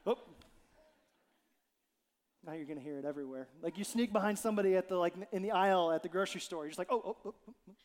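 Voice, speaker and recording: A man preaching a sermon as pastor, animated and joking, acting out quotes as he goes. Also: sits high, rapid-fire, few pauses. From Ohio. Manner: animated, jokey, acts out quotes. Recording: long hall reverb.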